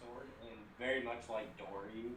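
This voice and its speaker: A man's voice: medium pitch, fairly even intonation, moderate pace, a bit bright, reverberant, recorded from a distance, slight background noise. A man playing a tabletop game, casual and a little hesitant. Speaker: player.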